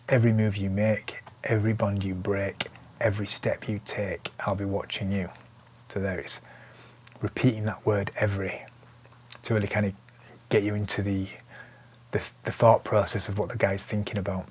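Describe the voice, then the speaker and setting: A man's voice: lowish voice, slight background noise. A man teaching lyric writing in a casual, thinking-aloud way. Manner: relaxed, thinking aloud with restarts. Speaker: songwriting teacher. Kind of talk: casual instructional talk.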